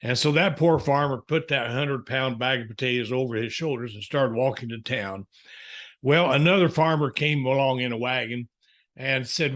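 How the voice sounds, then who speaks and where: A man's voice: mid-range voice, normal speed, a bit bright. A man, a counselor and author, telling folksy stories in a podcast interview. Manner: folksy storyteller, chuckling asides.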